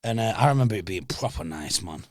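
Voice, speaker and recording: A man's voice: lowish voice, expressive, fast talker, no room sound, studio quality. A Manchester man hosting a podcast, chatting casually, laid-back and sweary, laughing often, with Manchester slang. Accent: Manchester English. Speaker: podcast host. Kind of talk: casual banter. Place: small studio.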